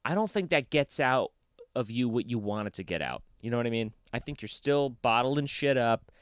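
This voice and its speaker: A man's voice: moderate pace, a bit bright, clean tone, no echo, studio quality. A young man hosting his own podcast, ranting casually with lots of swearing, recorded in a basement. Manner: profane, ranting, swings from heated to low and mumbled. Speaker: podcast host. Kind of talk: casual solo podcast rant.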